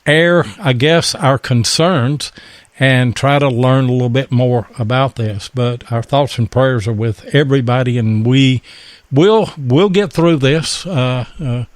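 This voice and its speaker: A man's voice: mid-range voice, dry recording. Hesitant male radio host, dry sound. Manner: halting, with many fillers and restarts. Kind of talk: casual radio show talk.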